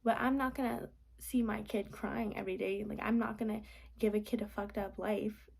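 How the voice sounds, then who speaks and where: A woman's voice: mid-range voice, steady tone, moderate pace, creaky, a little mellow, husky. A young woman venting casually in a late-night vlog from her apartment, rambling with lots of "like" and sometimes dropping to a whisper. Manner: rambling, frequent "like", drops to whispers. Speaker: vlogger.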